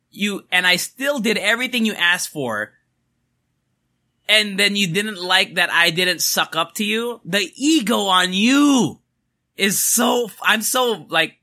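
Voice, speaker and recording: A man's voice: sits high, bright, forceful tone. A young man hosting a podcast, ranting angrily and emphatically, swearing as he vents. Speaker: podcast host.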